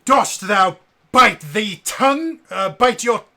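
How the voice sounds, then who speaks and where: A man putting on a hammy, overwrought male Shakespearean stage actor, declaiming loudly and pompously in archaic style. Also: high-pitched, expressive, slow pace, gravelly, pitched above the performer's own voice, heavily acted.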